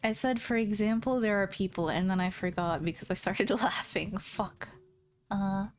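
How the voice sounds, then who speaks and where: A woman's voice: medium pitch, normal speed, soft background music. A woman streamer chatting casually with her viewers, playful and teasing, laughing often. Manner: giggly, playful and teasing, talks straight to viewers.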